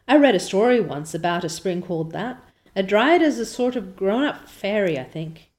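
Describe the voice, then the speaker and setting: A woman's voice: medium pitch, lively intonation, moderate pace, natural voice. Woman voicing a chatty orphan girl, gushy and dreamy, storybook read-aloud. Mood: gushing. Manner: breathless, gushing, wide-eyed.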